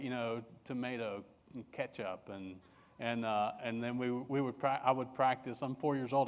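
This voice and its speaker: A middle-aged man from England, a pastor giving a sermon in a halting, personal storytelling way with many restarts. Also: medium pitch, big-room sound.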